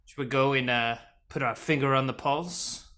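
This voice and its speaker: A goofy man playing a tabletop game, tossing off jokes in casual chat. His voice is bright and at a middle pitch. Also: normal speed. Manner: goofy, jokey. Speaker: player.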